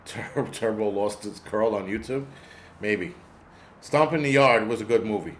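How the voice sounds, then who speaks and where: A man's voice: on the low side, a little slow, long pauses, fairly bright tone, slight background noise. A man in his forties hosting a casual livestream, ranting in a rambling, profane way and talking back to his chat. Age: 40s. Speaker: host.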